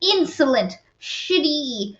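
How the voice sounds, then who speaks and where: A woman's voice: on the high side, animated, slow pace, a bit bright. A woman putting on the voice of a pompous, furious male head of a monastery, with scornful outbursts. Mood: indignant. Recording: roomy dull lo-fi recording.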